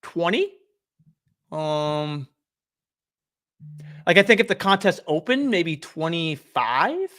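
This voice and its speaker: A man's voice: on the high side, sing-song, slow pace, long pauses, fairly bright tone. A young man rambling easily as a streamer and host in casual live-stream chat from home. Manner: easygoing, rambling, chatty. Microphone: desk microphone.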